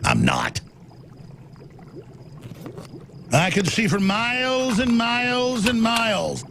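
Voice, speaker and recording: A man voicing a furious conspiracy-theorist radio host with a Texan accent, gravelly and yelling, swearing all the time in a cartoon parody. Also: very high-pitched, huge pitch swings, a little slow, a little hiss or hum, exaggerated voice. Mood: paranoid ranting. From Texas.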